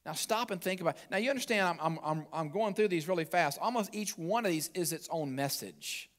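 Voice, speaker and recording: Emphatic higher-voiced male pastor preaching. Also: animated, fairly quick. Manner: emphatic preaching, swinging from soft and low to loud and high; scripture quoted aloud and picked apart. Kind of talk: sermon.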